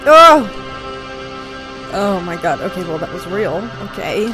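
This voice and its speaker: A woman's voice: on the low side, normal speed. A young woman reacting to a horror film for the first time, anxious and jumpy, gasping and muttering. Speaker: movie reaction host. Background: film soundtrack music.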